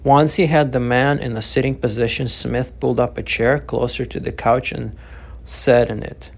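A man reading his own novel aloud as the author, narrating in a steady, measured way. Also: mid-range voice, gravelly. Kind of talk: audiobook narration.

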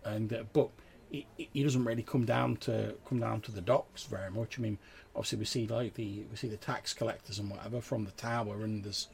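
A man voicing a young local lad who talks in a rambling, halting way. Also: lowish voice, fairly even intonation, creaky, a little mellow, slight background noise. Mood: chatty.

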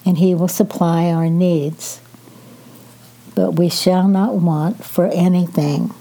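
An older woman reads scripture aloud with a very dark, mellow tone, slightly low in pitch. She moves slowly and gently, pausing between phrases as she reflects in a devotional style. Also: fairly even intonation. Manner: slow, gentle, measured reading with pauses. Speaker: podcast host reading scripture.

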